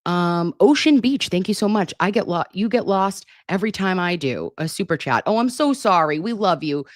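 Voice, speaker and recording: A woman's voice: lowish voice, expressive, moderate pace, dry recording, clean studio sound. Chatty middle-aged woman livestreaming. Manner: chatty, affectionate, self-deprecating. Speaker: livestream host. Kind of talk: casual livestream chat reading viewer comments. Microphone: computer mic at a desktop.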